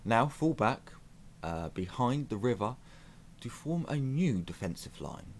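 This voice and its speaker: A man's voice: on the low side, very animated, unhurried, slight background noise. A man giving casual, self-mocking commentary as he plays a strategy game on his channel. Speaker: gaming YouTuber.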